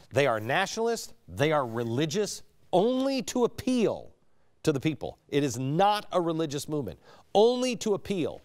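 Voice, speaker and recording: Man, middle-aged, political TV host, dramatic monologue, hushed then emphatic, very lively pitch, dry close sound. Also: no room sound.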